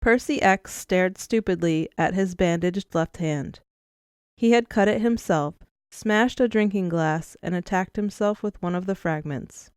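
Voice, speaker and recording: A woman narrating an audiobook in a measured, expressive storytelling manner, close to the mic. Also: fairly low pitch, smooth, no room sound. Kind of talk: scripted narration.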